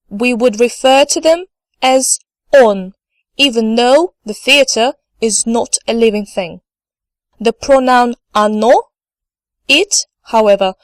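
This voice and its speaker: A woman with a high-leaning voice and no echo leads a scripted online language lesson. She speaks carefully, says each word twice, and encourages learners to repeat.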